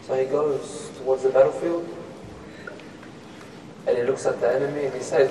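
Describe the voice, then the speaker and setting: A man's voice: medium pitch, flat delivery, normal speed, pauses often, warm tone, slight background noise. A man preaching a sermon, telling a story with passion that builds into chanted lament. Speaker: sheikh. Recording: echoey hall, mic far off.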